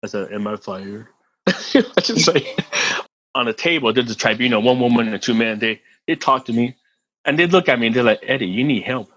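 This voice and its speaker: A middle-aged man, a podcast guest, telling a story in a casual, animated way, laughing and swearing freely and often repeating words. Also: mid-range voice, brisk, dry recording, poor audio.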